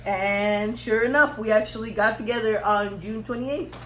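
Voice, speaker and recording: A woman's voice: mid-range voice, fairly even intonation, normal speed. Chatty young woman, echoey room. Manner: laughing, rambling, self-teasing. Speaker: vlogger telling a story. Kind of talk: casual storytime chat. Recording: echoey room, faint background hum.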